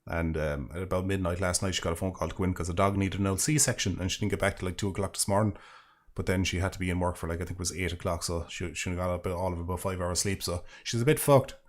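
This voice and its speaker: A man's voice: sits low, steady tone, quick pace. A man with a rambling, sweary, sarcastic manner, casually chatting while reading super chats on a live stream.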